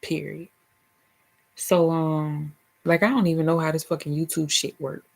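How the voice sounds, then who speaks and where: In a low, gravelly voice with a darkish tone, level intonation and a moderate pace, a Southern US woman chats casually about her spiritual life. The vlogger and spiritual healer swears freely, laughs, and breaks into silly voices.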